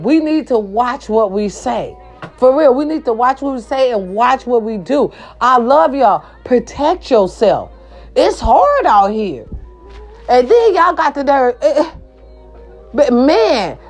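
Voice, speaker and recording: A woman delivering an impassioned vlog rant. She is blunt and profane, and she repeats her phrases for emphasis. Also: a little high. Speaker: vlogger.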